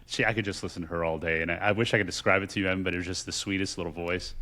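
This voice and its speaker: Low-voiced man telling family stories. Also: steady tone, rapid-fire. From Texas. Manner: warm reflective storytelling, many restarts. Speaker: podcast co-host. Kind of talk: casual family chat.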